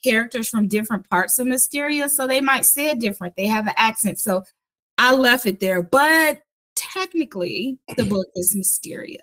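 A woman hosting a casual podcast chat, her voice sitting a little high. She talks loosely, laughing often and slipping into little acted-out quotes of other people. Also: animated, normal speed, sharp tone. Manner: chatty, laughs often, acts out quoted dialogue. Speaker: audiobook producer and podcast host.

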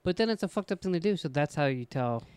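A man's voice: a little high, lively intonation, fast talker, darkish tone, clear, resonant tone, no echo. Dry-witted man teasing his co-host. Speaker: podcast co-host. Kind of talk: casual chat.

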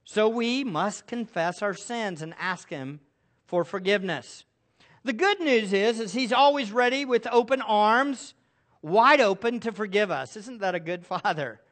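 Middle-aged pastor guy preaching, bright voice, keeps asking the crowd questions. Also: high voice, measured pace. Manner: animated preaching with rhetorical questions. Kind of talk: sermon.

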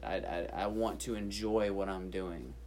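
A man's voice: sits low, a little slow, a little mellow, a little hiss or hum. A man co-hosting a casual chat, laid-back and repeating words as he gets going. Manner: laid-back, repeats himself when starting a thought. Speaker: podcast co-host.

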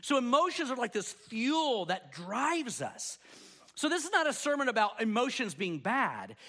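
A man with a fairly high voice delivers a sermon. He tells scripture stories in an animated way and acts out the voices of the people in them. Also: unhurried. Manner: animated storytelling, acting out quoted voices. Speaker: pastor.

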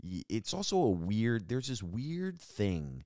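Low-voiced young Long Island man, rambling and profane, in a dry recording. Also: takes it slowly, dry recording. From Long Island, New York. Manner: rambling, profane, animated ranting. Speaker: podcast host. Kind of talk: casual storytelling monologue.

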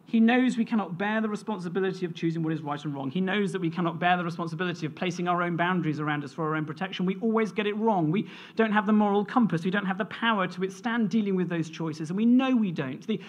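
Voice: mid-range voice, fast talker, few pauses. A preacher delivering a sermon in an earnest, storytelling manner, reading scripture and sharing a family anecdote.

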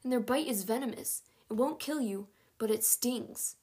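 A woman's voice: a little high, normal speed, warm tone, close to an everyday voice. A woman voicing a grumbling but good-natured grown man in a read-aloud storybook. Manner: grumbling, teasing. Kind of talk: audiobook character reading.

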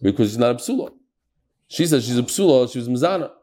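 A man's voice: mid-range voice, expressive, quick pace, dark tone. A man teaching a Talmud class, reading the text in a sing-song lilt and questioning his students.

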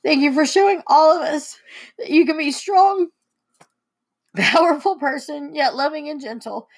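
A woman's voice: sits high, normal speed, creaky. A young woman, a daughter co-hosting, reading heartfelt letters aloud and fighting back tears. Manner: tearful, emotional reading. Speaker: co-host and daughter.

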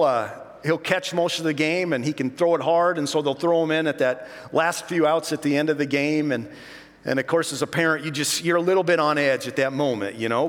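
A middle-aged pastor telling self-mocking stories in an animated sermon. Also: male voice, fairly high pitch, big-room sound.

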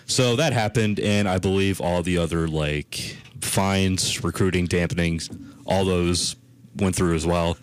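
A man's voice: deep voice, measured pace, clear, resonant tone. A young man hosting a casual sports podcast, rambling and chuckling as he talks. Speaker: podcast host.

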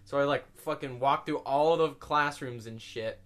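A man's voice: fairly high pitch, normal speed, hardly any pauses, a bit bright. A young man on a podcast telling a rambling story, swearing constantly and laughing at himself. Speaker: podcast co-host. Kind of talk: casual storytelling.

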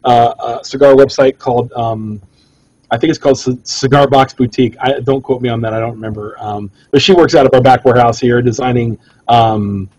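A man co-hosting a casual cigar podcast, a jokey storyteller whose pitch leaps up when he quotes himself. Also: steady tone, brisk, a little mellow, slightly rough, no room sound, low-quality recording. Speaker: cigar shop owner and podcast co-host.

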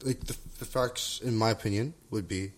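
A man with a fairly low voice talks through feelings in a casual two-person chat. He reflects out loud, circles back on his points and keeps checking in with "right?" as he goes. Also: steady tone, fairly quick. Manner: reflective, circling, many restarts and "right?" tags. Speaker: podcast co-host. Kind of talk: casual conversation about relationships and therapy skills.

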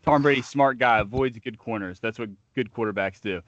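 A man's voice: medium pitch, a little fast, a bit bright, lo-fi sound. A man co-hosting a sports podcast, riffing with trash talk and long comic analogies. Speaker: podcast co-host.

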